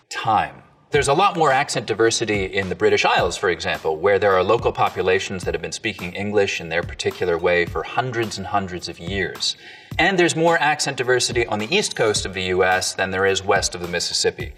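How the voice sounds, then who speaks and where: A man, a dialect coach, explaining accents in an educational video with clear, lively delivery. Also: sits low, fairly quick, recorded from a distance, soft background music.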